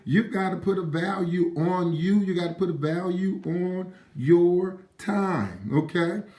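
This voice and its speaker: A man's voice: sits high, a little slow, dark tone, reverberant. A man giving a live-streamed motivational talk, repeating his points with an emphatic, preacher-like cadence and greeting viewers by name.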